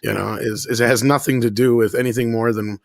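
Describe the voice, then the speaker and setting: Man, mid pitch, dry close sound, easygoing roundtable chatter. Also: steady tone, brisk, creaky, no room sound. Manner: joking, easygoing. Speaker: co-host. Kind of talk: roundtable review chat.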